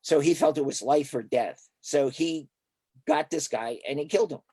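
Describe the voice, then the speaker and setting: Older man, therapist, husky voice, slightly high pitch, animated storytelling, acts out dialogue, dry close sound. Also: normal speed, no room sound. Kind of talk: conversational storytelling in an interview.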